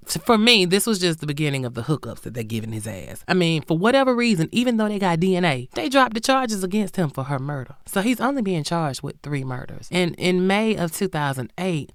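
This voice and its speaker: Animated, foul-mouthed woman podcast host. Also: low-pitched, no room sound, studio quality. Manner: animated, outraged, swears freely, slangy comic asides. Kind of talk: profane true-crime storytelling.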